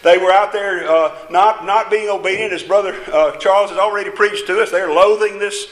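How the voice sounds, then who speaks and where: Guy preaching a sermon, folksy and emphatic, highish voice, echoey church sound. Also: steady tone, brisk.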